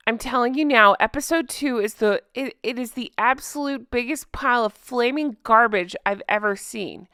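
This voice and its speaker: Exasperated woman ranting, bright and dry. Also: on the high side, lively intonation, moderate pace, clean tone, no room sound. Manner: exasperated, profane, emphatic. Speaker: host. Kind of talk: ranting TV recap. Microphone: close microphone.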